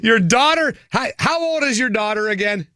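A man's voice: extremely high pitch, lively intonation, moderate pace, pushed and bright. A man co-hosting a radio show, teasing and needling his partner in casual banter. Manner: teasing, needling questions, laughs easily. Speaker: radio co-host.

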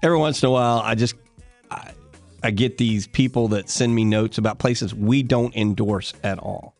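A man's voice: fairly low pitch, moderate pace, vocal fry, darkish tone, faint music behind. A man hosting a call-in garden show on the radio, chatty and folksy, laughing easily as he gives advice. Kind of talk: casual call-in radio talk. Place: radio studio. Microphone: studio microphone.

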